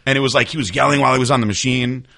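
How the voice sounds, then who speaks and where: A young man talks fast in a bright, slightly low voice, recorded dry and close. He tells gym stories in casual chat, acting out what people said. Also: creaky, no room sound. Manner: fast, animated storyteller who acts out quotes with laughs. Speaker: podcast host, bodybuilder.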